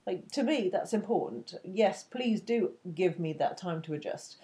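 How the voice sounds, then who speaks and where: A woman's voice: fairly low pitch, expressive, normal speed, warm tone. A woman co-hosting a podcast in casual chat, blunt, swearing and laughing often. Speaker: podcast co-host.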